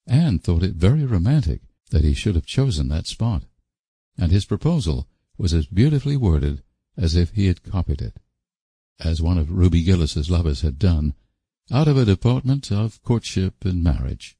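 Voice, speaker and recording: A man narrates a novel in a measured, expressive way. His voice is low, dark and a little husky, moving widely in pitch. The sound is close and dry. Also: no echo. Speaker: audiobook narrator. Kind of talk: scripted narration.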